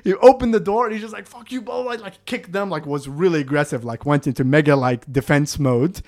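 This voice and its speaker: A young man casually telling a story on a podcast, animated and full of "like", acting out the voices. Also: on the high side, fairly quick. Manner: animated, acts out voices, lots of "like".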